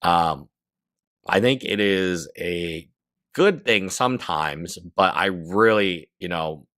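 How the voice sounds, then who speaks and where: Man with a very low, bright voice, halting video commentary, dry sound. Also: no echo. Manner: halting, many fillers. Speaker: commentator in a played clip.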